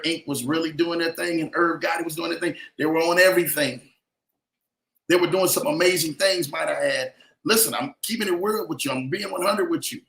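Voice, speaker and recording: Emphatic bright-voiced podcast host man. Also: a little high. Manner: emphatic, preachy, repeats phrases for effect. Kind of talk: motivational podcast monologue.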